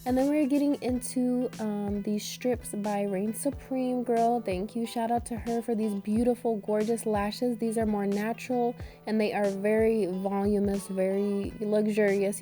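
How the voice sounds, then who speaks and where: A young woman talks viewers through a makeup look, chatty and upbeat, calling them beauties and girl. Her voice is mellow and slightly rough from a recent illness, with faint music playing underneath. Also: medium pitch. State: getting over an illness, voice a bit harsh. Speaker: beauty vlogger. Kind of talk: makeup tutorial voice-over.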